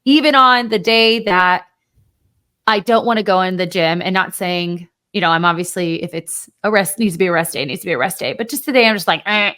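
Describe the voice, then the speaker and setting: A woman's voice: lowish voice, fairly quick, fairly bright tone. A woman co-hosting a podcast, chatting casually and emphatically about fitness, with the odd swear word. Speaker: podcast co-host.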